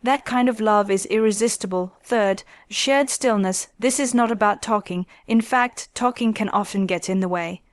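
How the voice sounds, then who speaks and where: Soft-spoken woman narrating, dry sound. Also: medium pitch, moderate pace, few pauses, no room sound. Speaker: relationship advice narrator. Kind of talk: scripted narration.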